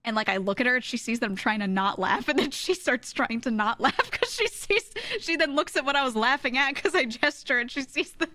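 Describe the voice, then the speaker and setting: A young adult woman streamer chatting casually, telling an animated story and often laughing. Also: high voice, a little fast, few pauses, no echo. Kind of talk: casual chat.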